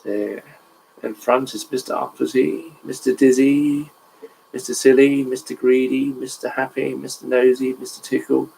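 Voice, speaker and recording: A chatty man reading a children's picture book aloud at a mid-range pitch. He pauses to comment on the illustrations and chuckles, with faint background noise. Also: flat delivery, gravelly, mellow, rough recording.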